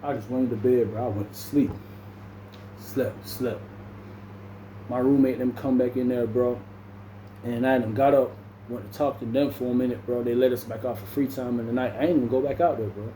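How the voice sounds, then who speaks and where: A man's voice: mid-range voice, steady tone, moderate pace, mellow, roomy sound, a little hiss or hum. A young man, telling a story casually and saying "bro" constantly. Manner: laid-back, says "bro" constantly, acts out other people's lines. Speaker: vlogger.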